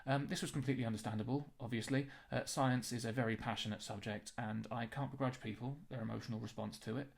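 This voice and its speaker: A young man narrating a comedy apology in a dry, mock-apologetic deadpan. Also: medium pitch, quick pace, creaky, few pauses.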